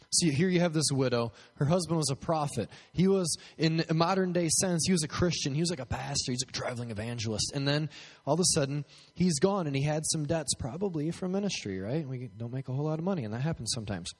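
A man's voice: a little high, expressive, fast talker, slightly rough. Man preaching in a reverberant hall. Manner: joking, asks the crowd questions. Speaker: pastor. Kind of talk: sermon with prayer. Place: church hall, at a podium.

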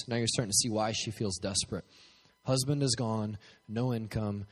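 A man's voice: on the low side, steady tone, normal speed, fairly bright tone, breathy edge. A man as pastor, preaching a joking sermon with prayer and questions to the crowd, speaking from a podium in a church hall. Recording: long hall reverb.

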